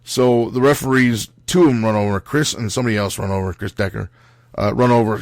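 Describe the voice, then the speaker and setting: Young man, low voice, podcast host, rambling storytelling, blunt and profane, dry close sound. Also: a little fast, dry recording. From Italian-American background. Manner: rambling, lots of fillers and self-corrections. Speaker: podcast host telling a wrestling road story. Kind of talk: casual storytelling monologue.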